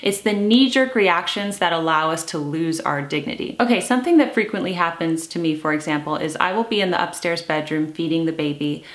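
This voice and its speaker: A woman in her thirties talks straight to her viewers in a calm, earnest vlog style. Her voice sits a little low, and she slows down deliberately when she wants a point to land. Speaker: lifestyle vlogger. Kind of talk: casual talk to camera.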